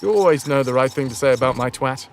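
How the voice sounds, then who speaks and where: A man's voice: medium pitch, fast, a little hiss or hum. A young man casually chatting and swearing as he streams a game, crude and self-mocking. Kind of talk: casual live gameplay commentary.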